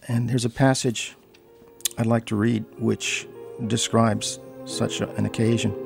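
An older American man, a professor of English, reading from his memoir and answering questions in a measured, reflective way. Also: mid-range voice, vocal fry. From United States.

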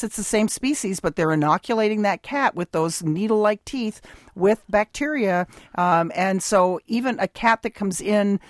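A woman's voice: mid-range voice, no room sound, studio quality. A woman veterinarian giving advice on a call-in radio show, explaining patiently with frequent ums and restarts. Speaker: veterinarian guest. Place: radio studio.

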